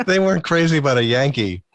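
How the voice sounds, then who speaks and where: A man's voice: fairly high pitch, big pitch swings, normal speed, fairly bright tone, dry recording. A man telling stories as a guest in an interview, talkative and chuckling as he goes. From Massachusetts. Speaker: guest, musician and former DJ. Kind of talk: casual interview storytelling.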